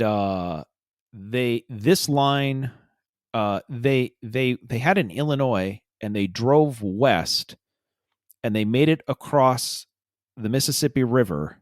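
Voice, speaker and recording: Podcast host, rambly storytelling w lots of uhs, dead dry sound. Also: male voice, mid-range voice, no echo. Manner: rambling, hesitant, with many filler uhs and restarts. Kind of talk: casual chat, storytelling.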